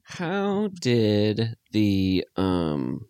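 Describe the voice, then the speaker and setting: A man co-hosting a podcast, chatting casually about a movie and rambling through his thoughts with halting restarts. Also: on the low side, wildly swooping pitch, mellow, clear, resonant tone, dry recording, studio quality. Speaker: podcast co-host.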